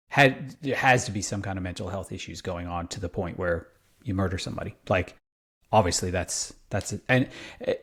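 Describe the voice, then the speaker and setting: A man's voice: low voice, husky. A man co-hosting a podcast, talking casually and rambling, often searching for words with lots of fillers. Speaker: podcast co-host.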